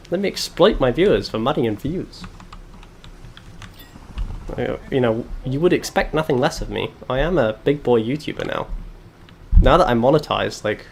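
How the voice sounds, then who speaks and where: A man's voice: mid-range voice, slight background noise. Sarcastic man chatting while streaming a game. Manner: sarcastic, self-mocking joking. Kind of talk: live gaming stream chat.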